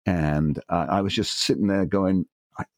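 A man's voice: low voice, steady tone, normal speed, no room sound, studio quality. An enthusiastic man in his sixties with an English accent, a DJ telling long stories as an interview guest and acting out the voices he quotes. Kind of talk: anecdotal interview storytelling.

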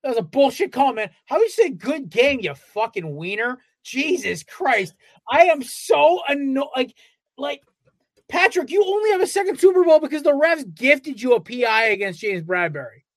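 A man's voice: very high-pitched, big pitch swings, moderate pace, no echo. A man co-hosting a casual sports podcast, ranting with heavy profanity. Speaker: podcast co-host.

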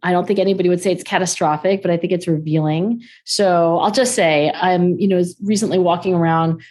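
A woman in her forties, a guest on an interview show, talking fast and filling her speech with "like" and "um". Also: fairly low pitch. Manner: animated, acts out quoted dialogue in raised voices. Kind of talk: conversational interview.

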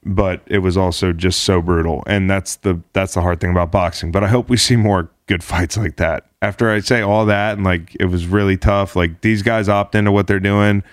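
Sex: man. Role: sports talk host. Style: casual chat. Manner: rambling, animated, peppered with "like" and swearing. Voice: lowish pitch. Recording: dry, close sound. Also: normal speed, few pauses, no echo. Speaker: podcast host.

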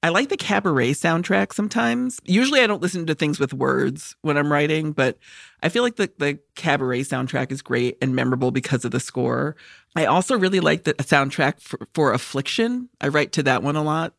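A woman co-hosting a podcast in casual chat, who talks fast, goes off on tangents and swears. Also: low voice, vocal fry, dry recording, studio quality. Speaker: podcast co-host.

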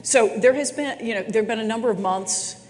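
A woman's voice: fairly high pitch, a little fast, darkish tone, big-room sound. Woman interviewer asking direct questions.

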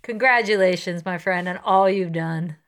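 A woman co-hosting a podcast, originally from Southern California, with a slight Southern lilt, talking in a lively way with quick asides. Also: fairly low pitch. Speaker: podcast co-host. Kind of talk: casual podcast chat.

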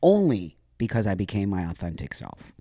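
A man's voice: on the low side, huge pitch swings, moderate pace, dark tone, no echo, studio quality. A man talking openly and with feeling as a podcast guest, telling personal stories and backing up the hosts. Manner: emotional, open, affirming. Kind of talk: candid podcast storytelling.

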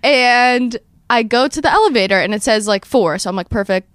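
A young woman hosts a casual podcast, rushing through a story and acting out every quote. Her voice is smooth and resonant. It is recorded close and dry, with no room sound. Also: a little high, dry recording. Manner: fast, animated storyteller who acts out quotes. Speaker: podcast host.

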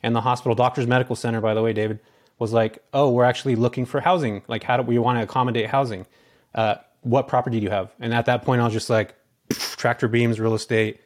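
A man's voice: mid-range voice, little pitch movement. A man talking casually as an interview guest, a chatty storyteller from California. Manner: fast, chatty storyteller with many fillers. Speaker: guest, real estate investor.

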